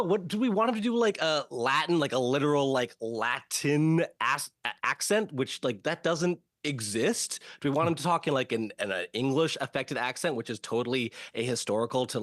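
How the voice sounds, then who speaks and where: A man, an entertainment writer on a panel, arguing his point in quick run-on sentences. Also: on the high side, fairly bright tone, no room sound, clean studio sound. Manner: argumentative, quick run-on reasoning. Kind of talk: casual opinionated chat.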